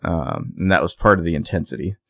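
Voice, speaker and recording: A man with a deep, low voice talks through a TV episode in loose, rambling podcast chat, laughing now and then. The recording is dry and close, with no room sound. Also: a little fast, vocal fry, fairly bright tone, dry recording. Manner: rambling, conversational, laughs often. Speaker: podcast co-host. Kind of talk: casual TV episode recap chat.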